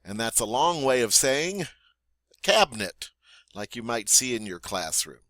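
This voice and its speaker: Slow-paced, bright-voiced male French teacher. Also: mid-range voice, very animated, no room sound. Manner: slow, deliberate model pronunciation with pauses for repeating; friendly, encouraging teacher tone. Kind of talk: vocabulary lesson for learners.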